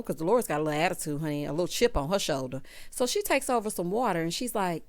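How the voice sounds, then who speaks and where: A woman recaps a reality show in a sassy, chatty vlog. She talks to the cast as if they could hear her, and her pitch sits in the middle for a woman. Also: fairly quick. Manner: sassy, animated, talks straight to the people she discusses. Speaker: recap vlogger.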